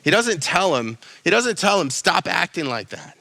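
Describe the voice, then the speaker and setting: A young man delivers a sermon in a bright, forceful voice that sits a little high for a man. His tone is casual and animated, full of slangy asides. The sound is close and dry, with no room echo. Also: moderate pace, creaky. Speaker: pastor.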